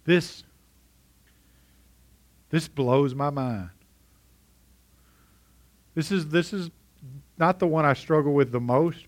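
A man's voice: fairly high pitch, unhurried, long pauses. Man preaching a sermon, conversational. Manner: conversational, asks the congregation questions. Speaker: pastor.

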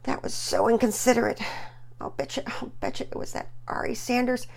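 A woman's voice: on the high side, huge pitch swings, normal speed, gravelly, breathy edge, voice pushed up, exaggerated voice. A woman doing a grumbling sick little boy.

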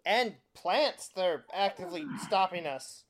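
A man's voice: sits high, animated, unhurried, pitched above the performer's own voice. A man voicing a suspicious, agitated vineyard owner in a cloak, answering in short, defensive questions. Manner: curt, terse, defensive questions.

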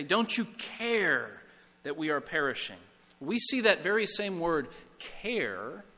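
A man preaching a sermon as pastor, emphatic, repeating phrases and dropping to a hush on key words. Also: on the high side, long reverb tail. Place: church sanctuary.

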